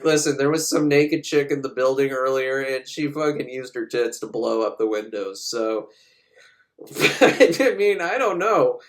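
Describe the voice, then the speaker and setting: A man in the middle of his pitch range tells a movie's plot with sarcastic, profane humor. He hops into quick voices for the characters as he goes. The delivery is a casual comedic recap.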